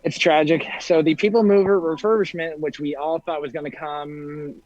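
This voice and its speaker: A man's voice: on the high side, steady tone, normal speed, a little mellow, no room sound. A man co-hosting a casual podcast chat from out in a theme park, talking through earbuds, playful with jokey asides. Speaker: podcast co-host. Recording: dull lo-fi sound.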